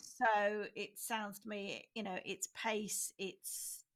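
Hesitant woman summarizing, many pauses. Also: mid-range voice, level tone, a bit bright. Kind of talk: livestream interview.

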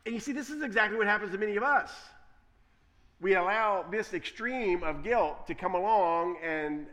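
A male preacher giving a conversational sermon, telling stories in an animated way. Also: high voice, normal speed. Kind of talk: sermon with storytelling.

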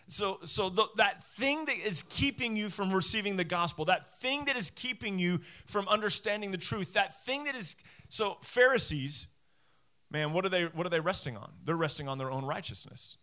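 A man in his forties preaching a sermon from a church stage, animated and self-deprecating, acting out voices as he goes. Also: sits high, moderate pace. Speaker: pastor. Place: church stage before a congregation.

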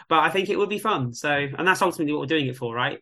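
Bright, lively man telling stories. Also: on the high side, rapid-fire. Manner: animated storyteller, lively quoted voices. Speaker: guest, music venue tech. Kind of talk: casual chat.

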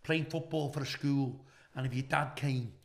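The guest comedian, a middle-aged man from Liverpool with a Scouse accent, chats casually and tells stories, swearing plenty and becoming animated when relaying others' words. His medium-pitched voice has vocal fry and a normal speed.

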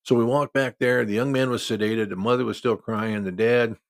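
A man's voice: mid-range voice, fairly even intonation, brisk, no echo. A middle-aged man from Iowa, a football referee, telling a story in a folksy, conversational way and quoting people in his own voice. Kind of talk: casual spoken storytelling.

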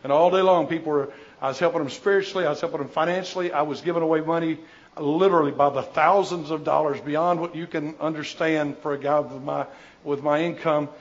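An older man, a missionary, answering audience questions in an informal talk. He rambles through jokey, animated stories with many restarts. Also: fairly high pitch, fast talker, highs cut off.

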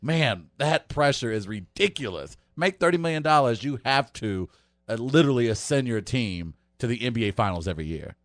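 A man's voice: medium pitch, animated, brisk, a bit bright, no room sound, clean studio sound. A man hosting a casual sports talk show, laughing often as he retells things. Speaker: radio host.

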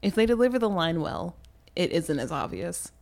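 A woman co-hosting a podcast in a casual book discussion, animated, laughing often and acting out quoted lines. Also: on the low side, normal speed, creaky. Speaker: podcast co-host.

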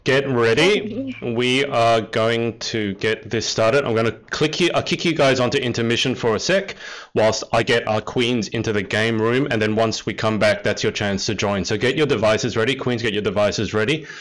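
A man's voice: mid-range voice, normal speed, fairly bright tone. A man hosting an online game show over a video call, upbeat and teasing with his guests. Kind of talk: casual livestream hosting.

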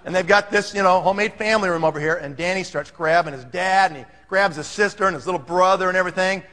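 Man with a very high, bright voice, animated storyteller, long hall reverb. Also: fast talker. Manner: animated, acts out the scene. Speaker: speaker telling a sales story. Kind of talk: storytelling talk to an audience.

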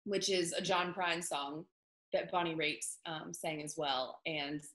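A woman's voice: low voice, fairly even intonation, measured pace, a bit bright. A young woman, a country singer, chatting casually in an interview with lots of fillers. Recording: echoey room.

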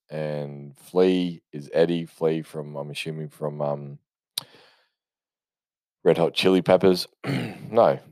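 A man's voice: sits low, darkish tone, dry recording. A man reviewing a film in a casual, unscripted ramble, offhand and full of swearing and restarts.

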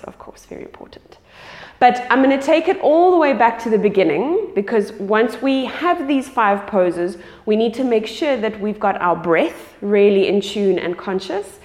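Guiding her students through a live class in a yoga studio, this woman checks in often with "okay." Her voice is mid-range and a little mellow, and the room's long reverb makes it sound echoey.

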